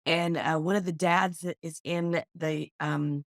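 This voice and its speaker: A middle-aged woman from Oklahoma, a business owner guest, chatting casually and telling lively stories. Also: on the low side, measured pace, no echo, clean studio sound. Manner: lively storyteller, animated in quoted speech. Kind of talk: casual interview chat.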